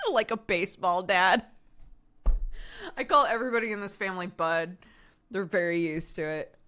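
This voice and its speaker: A woman's voice: lowish voice, unhurried, pauses often, a bit bright. An American woman in her thirties, a streamer chatting casually with viewers, laughing often and filling her talk with "like.".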